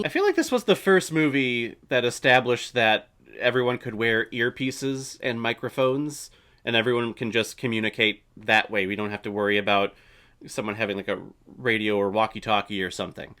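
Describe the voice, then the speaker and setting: A man's voice: mid-range voice, moderate pace, pushed and bright. A man hosting a casual movie reaction, chatty and opinionated, swearing now and then.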